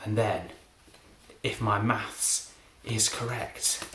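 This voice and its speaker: A middle-aged man from England, a comedy magician, rambling through a deadpan, self-deprecating monologue. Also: fairly low pitch, very slow, roomy sound, a little hiss or hum.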